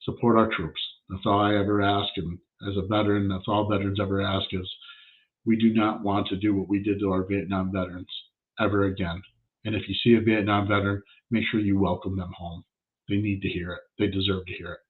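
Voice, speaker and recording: Blunt low-voiced man, phone-thin sound. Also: level tone, brisk, phone-quality sound. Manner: blunt, plain-spoken storytelling with cursing. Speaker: podcast host, shop owner. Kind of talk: casual monologue.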